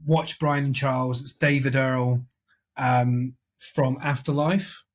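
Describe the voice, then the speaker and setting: Here is a husky, slightly breathy Scottish man who co-hosts a film podcast. He chats casually, jokes around and swears freely as he gives recommendations. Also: mid-range voice, flat delivery, slow pace. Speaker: podcast co-host. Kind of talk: casual chat.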